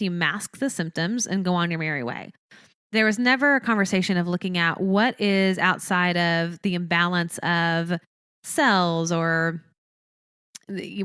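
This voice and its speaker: A woman's voice: lowish voice, a bit bright, clear, resonant tone, dry recording, clean studio sound. A woman hosting a podcast alone, talking earnestly in a teaching way and repeating phrases for emphasis. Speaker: podcast host. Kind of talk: reflective solo podcast talk.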